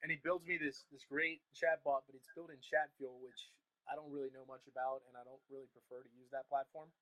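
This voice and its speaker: Fast-talking, laughing man. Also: mid-range voice, little pitch movement, bright, forceful tone, no echo, low-quality recording. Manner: rapid, laughing, candid storytelling. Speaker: guest, chatbot course creator. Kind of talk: casual interview chat.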